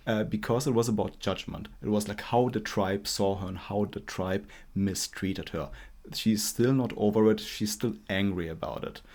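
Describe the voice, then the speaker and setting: A man's voice: fairly low pitch, a little mellow. A man co-hosting a personality class, talking frankly and analytically about a clip. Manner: frank, analytical, stresses points with "frankly" and "really". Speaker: co-host teaching personality typing. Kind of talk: analytical commentary.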